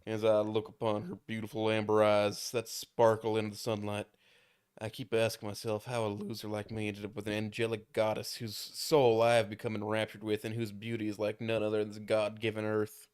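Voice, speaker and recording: A man's voice: lowish voice, level tone, moderate pace, smooth, close to an everyday voice. A man reading the part of a lovesick, awkward teenage boy, with flowery, overblown declarations. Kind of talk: reading a fan story aloud.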